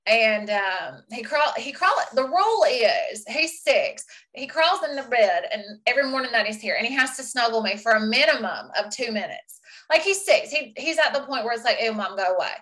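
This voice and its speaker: A woman's voice: fairly high pitch, lively intonation, normal speed, sharp tone, poor audio. A woman in her thirties with a Southern accent, a podcast guest telling funny stories about her kids and laughing at herself. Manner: laughing, self-mocking storyteller. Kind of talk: casual chat.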